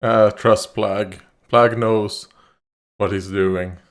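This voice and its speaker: Low-voiced man musing aloud on a reaction video. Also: fairly even intonation, drawn-out words. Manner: thinks aloud, rambling with fillers and laughs. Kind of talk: casual commentary.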